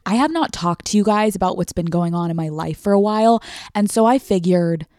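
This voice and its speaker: A woman's voice: lowish voice, animated, brisk, a little mellow, no echo, studio quality. A woman hosting a solo podcast, talking bluntly and with emphasis and swearing casually. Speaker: podcast host.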